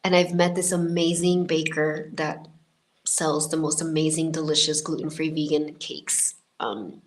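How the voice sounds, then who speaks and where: A woman in her fifties talks through a personal story in a relaxed, meandering way, her voice sitting on the low side for a woman. She keeps circling back with fillers and restarts, in the easy tone of a podcast host speaking to her regular listeners. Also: unhurried. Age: 50s. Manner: chatty and rambling, many filler likes and restarts.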